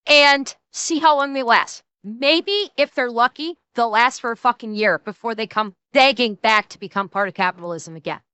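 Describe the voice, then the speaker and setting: Bright high-voiced woman ranting heatedly. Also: moderate pace, few pauses, clear, resonant tone, no room sound. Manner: profane, heated, stumbling restarts, mocking. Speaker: streamer. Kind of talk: angry political rant.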